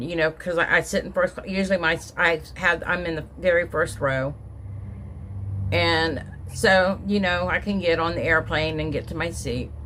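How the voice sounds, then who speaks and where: A middle-aged vlogger tells a personal story in a casual vlog, emotionally recounting being upset. Her voice sits low with a fairly bright tone, and she rambles with many restarts and emotional asides.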